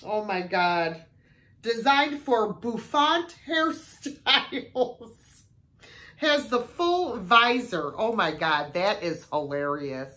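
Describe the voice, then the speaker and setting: Very slow-talking gushing woman. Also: mid-range voice, animated, fairly bright tone. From United States. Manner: gushing, exclaiming over each item. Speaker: thrift haul vlogger. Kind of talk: casual vlog chat.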